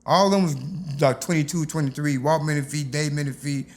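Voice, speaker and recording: A man's voice: fairly high pitch, a little fast. Older man telling street stories. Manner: animated, acts out voices in his stories. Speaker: interview guest. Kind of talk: storytelling in a casual interview.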